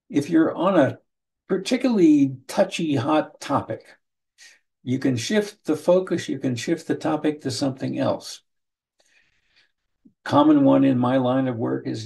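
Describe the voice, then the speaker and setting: A man teaching counseling skills in an online training session, speaking in a measured way, often repeating his first words and briefly acting out what a client and a counselor might say. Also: mid-range voice, vocal fry, mellow. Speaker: trainer teaching motivational interviewing. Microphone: video call.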